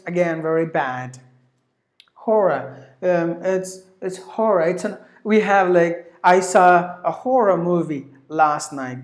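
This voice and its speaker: A woman teaching English pronunciation who repeats each word slowly and spells out its letters. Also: on the low side. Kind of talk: pronunciation lesson. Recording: echoey room.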